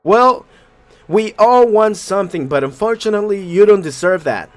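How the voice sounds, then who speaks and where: This is a cruel blind date who is really a man's own harsh inner voice, read out by a man. He lingers on each insult in a slow, theatrical way. His pitch rises and falls widely. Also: lively intonation.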